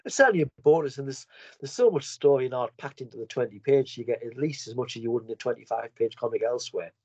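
A British man talks quickly as a guest in a casual comics chat, often repeating words as he restarts. The recording is dull and muffled. It is also dry, with no room sound. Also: medium pitch, a little mellow, husky, dry recording. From United Kingdom. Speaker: podcast guest.

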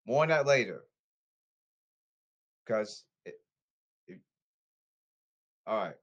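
A man's voice: fairly low pitch, sing-song, slow pace, a bit bright, lo-fi sound. A man delivering an angry, repetitive rant, scolding and demanding, often stumbling over his words.

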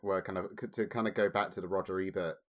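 A man's voice: low-pitched, steady tone, fast, muffled recording. A man hosting a film podcast, thoughtfully asking his co-hosts questions and giving his own views. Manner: thoughtful, poses questions to others. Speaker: podcast host. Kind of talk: casual film discussion.

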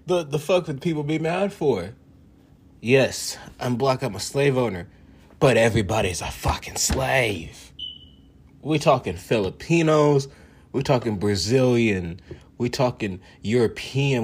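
A man ranting casually for laughs, boastful and profane, laughing often. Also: fairly low pitch. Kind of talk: casual comedic rant.

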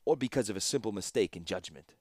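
A man voicing an impassive, formal war captain in an audiobook, speaking calmly and deferentially. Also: lowish voice, fast, dry recording, studio quality. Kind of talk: audiobook character voice.

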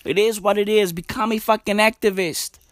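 A young man ranting casually to camera in slangy, profane, exasperated commentary. He drops into low mutters and then jumps up high for emphasis. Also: fairly even intonation, brisk, a bit bright, dry recording, clean studio sound. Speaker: vlogger.

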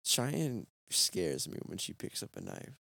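A man's voice: sits low, wildly swooping pitch, a little slow, creaky, sharp tone, dry recording, studio quality. A young man co-hosting a podcast, teasing and joking in casual banter and swearing freely. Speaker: podcast co-host.

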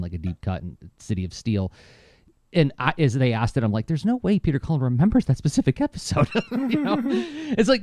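A middle-aged man co-hosting a podcast in casual chat, an enthusiastic storyteller whose voice jumps up when excited. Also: no echo, studio quality. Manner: animated, enthusiastic storyteller with lively pitch jumps. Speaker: podcast co-host.

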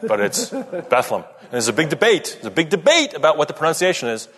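A man's voice: fairly high pitch, big pitch swings, fast, a bit bright. A male guest on a live podcast, playful and joking. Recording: live hall with audience.

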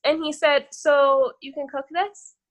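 A young woman guesting on a podcast rambles through a long dating story, cursing freely and saying "whatever" a lot. Her voice is high and level-toned, a little slow.

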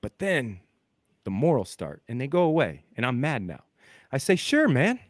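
Midwestern male podcast co-host, rambling storyteller with very lively pitch swings, dry close-mic sound. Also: moderate pace, no room sound. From American Midwest. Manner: rambling, hypothetical storytelling that swings from mutters to heated outbursts. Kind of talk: casual podcast chat.

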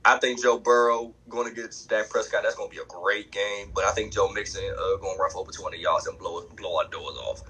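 A man co-hosting a sports podcast, talking in an animated, emphatic, trash-talking way. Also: lowish voice, brisk, hardly any pauses, slightly rough, low-quality recording. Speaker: podcast co-host. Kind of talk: casual sports chat.

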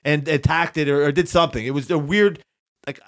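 This podcast co-host has a higher voice and talks fairly quickly. Telling a work story, he keeps things casual and foul-mouthed, bringing it to life by doing voices for his coworkers.

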